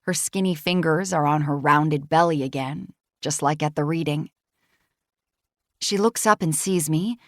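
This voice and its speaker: A woman reading a novel aloud in first person, calm and measured, as an audiobook narrator. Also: sits low, no room sound, clean studio sound.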